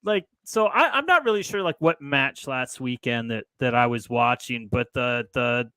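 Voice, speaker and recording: A man co-hosting a casual chat, playful and halting, with many restarts. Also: medium pitch, animated, bright, forceful tone, clear, resonant tone, no room sound. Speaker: co-host.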